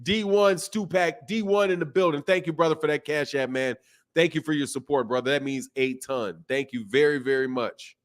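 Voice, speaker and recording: A man with a Southern US accent hosts a live boxing stream. His voice sits a little high, and he talks in a relaxed, slangy way, often repeating his phrases. He chats loosely and reads out messages from viewers. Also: normal speed. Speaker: boxing channel host. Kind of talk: casual live-stream talk reading chat.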